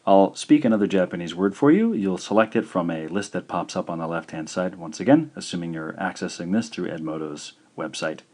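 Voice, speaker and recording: A man teaching a language lesson, sounding out words slowly and carefully, syllable by syllable, in a patient, encouraging way. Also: low voice, lively intonation, mellow. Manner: slow, careful syllable-by-syllable pronunciation. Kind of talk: slow instructional lesson.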